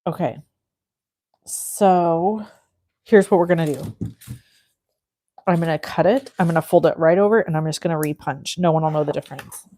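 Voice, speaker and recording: A woman's voice: low-pitched, normal speed, pauses often. Chatty woman crafting on a livestream. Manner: chatty storyteller, animated and self-mocking. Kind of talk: casual chat while crafting.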